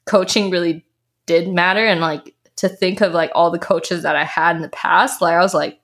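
A young adult woman, a health coach, chatting in an interview and acting out quotes from her past. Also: moderate pace. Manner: animated storyteller, acts out quotes in a higher voice. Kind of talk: casual interview chat.

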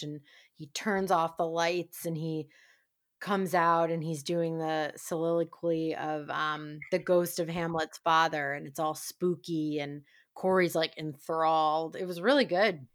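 A woman co-hosting a podcast, casually recapping a TV episode in a chatty, relaxed way. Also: low voice, unhurried. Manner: chatty, relaxed, uses lots of "like". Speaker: podcast co-host.

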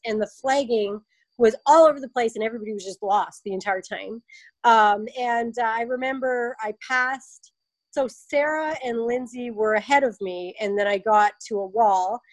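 A woman's voice: fairly high pitch, no room sound, rough recording. A woman in her thirties chatting about racing, telling stories and acting out what people said to her. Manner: chatty storyteller, acts out quotes with lively voices. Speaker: guest, obstacle race athlete. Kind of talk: casual podcast interview.

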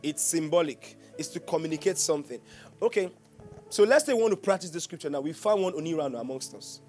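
A Nigerian man preaching with a fairly high voice, full of jokes and laughter. He keeps asking his congregation questions as he goes, over soft music in the background. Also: expressive, fast talker. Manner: humorous, laughing often, teasing the congregation. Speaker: pastor. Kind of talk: sermon.

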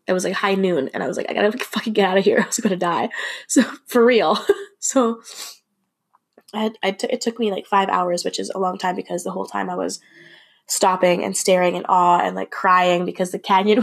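A woman's voice: mid-range voice, vocal fry. A young adult woman hosting a podcast, telling a personal story in a candid, emotional way, swearing and restarting as she goes.

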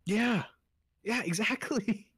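A man's voice: sits high, slow pace, fairly bright tone, slightly rough. A young man co-hosting a casual podcast, rambling and trailing off mid-thought with frequent laughs. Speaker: podcast co-host.

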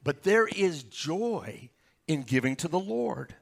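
A pastor giving a sermon, reading scripture verses aloud and explaining them with stories and asides. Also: male voice, fairly high pitch, very animated, slow pace, vocal fry.

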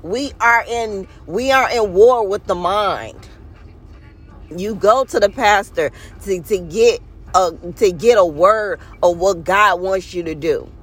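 A woman's voice: mid-range voice, takes it slowly, breathy edge. A woman hosting her own podcast, speaking in a heartfelt, earnest and preachy casual monologue and stretching out the words she wants to stress. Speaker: podcast host.

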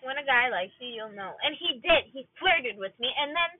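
A woman's voice: high-pitched, animated, normal speed, no room sound. A woman in her twenties venting to viewers in an emotional rant from her car, close to tears at times. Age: 20s. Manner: venting, upset, talks in bursts with many "like"s. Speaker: vlogger. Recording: tinny phone-like sound.

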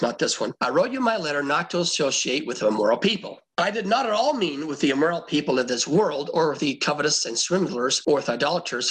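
A man's voice: fairly high pitch, a bit bright, breathy edge, rough recording. A man teaching a Bible passage to a congregation, conversational and emphatic, reading verses aloud and explaining them. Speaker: pastor teaching scripture.

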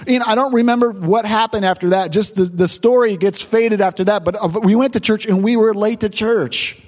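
A pastor with a strikingly high-pitched voice delivers a sermon. He tells a personal story with halting repetitions and rising emotion, then turns it toward his congregation. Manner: emotional, repetitive stammering retelling.

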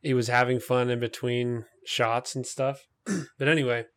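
A man's voice: medium pitch, steady tone, normal speed, a bit bright. Chatty man hosting a movie podcast. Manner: chatty, lots of fillers and tangents. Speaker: podcast host. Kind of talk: casual movie chat.

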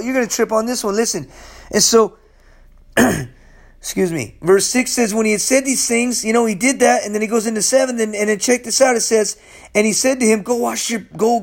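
A man teaching from the Bible in a casual, slangy way. He is hyper and acts out the characters as he goes. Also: extremely high pitch. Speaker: preacher.

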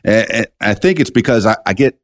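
A man hosts a relaxed podcast chat. His voice sits on the low side but bounces around a lot in pitch. He is talkative, makes jokey asides and stumbles over repeated words. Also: brisk. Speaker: podcast host. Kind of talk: casual interview chat.

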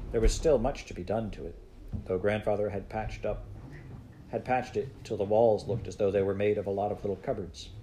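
Male audiobook narrator, measured storybook reading, mellow low voice. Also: slight background noise, poor audio.

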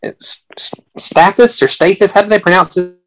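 A man's voice: high-pitched, quick pace, a bit bright, rough recording. A man talking through a film in a casual chat, rambling earnestly with frequent restarts.

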